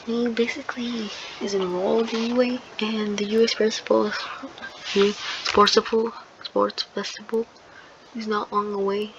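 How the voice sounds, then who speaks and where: A woman's voice: medium pitch, flat delivery, normal speed. A woman casually retelling a fan story in a rambling, hesitant way, full of fillers and restarts. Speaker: video creator. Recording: dull lo-fi sound with clear background noise.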